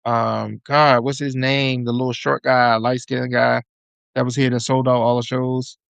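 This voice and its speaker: Gravelly man telling loose stories. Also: medium pitch, flat delivery, measured pace, a bit bright, no room sound. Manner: loose, profane storytelling with slang. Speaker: podcast guest. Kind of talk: casual chat.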